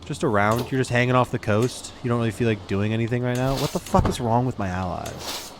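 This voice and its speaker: A young man casually commenting on his own strategy game, muttering to himself and flaring up to yell at his units. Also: medium pitch, brisk, background noise. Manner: talks to himself, flares up yelling at his units. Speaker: streamer playing a strategy game. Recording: game music underneath. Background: game music.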